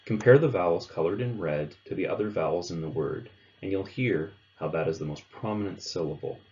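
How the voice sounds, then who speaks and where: Man, very deep voice, teacher narrating a lesson, measured and clear, slightly muffled recording. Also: darkish tone. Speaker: language teacher. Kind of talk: instructional narration.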